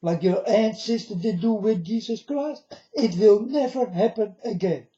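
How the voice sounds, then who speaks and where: High-voiced man, slow solemn warnings. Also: mellow. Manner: solemn, warning tone, repeatedly addresses "folks". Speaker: video blogger. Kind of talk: monologue to camera. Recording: dull lo-fi recording.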